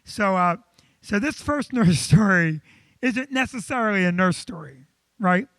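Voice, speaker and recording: A male comedian hosts a live show, telling a story with animated energy. His voice sits unusually high and bright for a man. The sound is close and dry. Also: a little slow, no echo. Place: comedy club.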